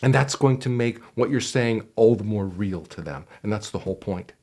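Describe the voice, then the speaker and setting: A man's voice: lowish voice, moderate pace, a little mellow, a little hiss or hum. A man giving job interview advice as a career coach, talking conversationally and emphatically to the camera. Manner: conversational, emphatic, with frequent fillers. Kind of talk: direct-to-camera advice video.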